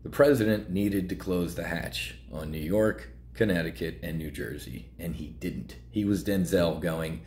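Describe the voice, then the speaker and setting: A man's voice: low-pitched, measured pace, hardly any pauses, a little mellow, slight background noise. A man hosting a trading show, talking bluntly and heatedly with many fillers. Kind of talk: casual market commentary.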